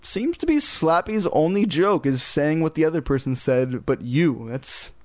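Man reading a kids' horror story aloud with snarky asides; dry, close and slightly high. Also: unhurried, a little mellow, no echo. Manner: sarcastic, joking asides. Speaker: audiobook reader.

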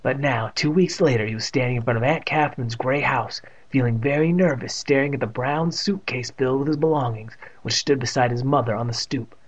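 A man's voice: mid-range voice, a little fast, few pauses, slightly rough. Man reading a story aloud, dull audio. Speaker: narrator. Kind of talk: audiobook reading with ad-libbed jokes.

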